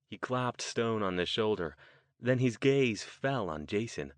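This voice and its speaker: Fields: Sex: man. Role: audiobook narrator. Style: scripted narration. Pitch: low. Room: dry. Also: lively intonation, measured pace, dry recording.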